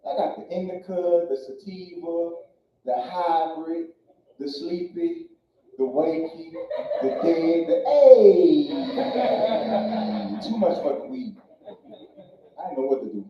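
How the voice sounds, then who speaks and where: A man from Louisiana works a stand-up set in a loose, profane storytelling style. His voice sits a little high and carries a heavy echo. It sounds dull and far from the mic, with faint room noise behind it. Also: unhurried. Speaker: stand-up comedian. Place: comedy club stage.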